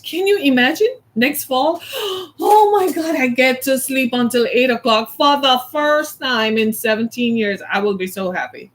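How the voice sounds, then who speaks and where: A middle-aged woman from the American South, chatting casually as a host, animated and laughing often as she plays out little scenes. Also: a little high. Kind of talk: casual chat.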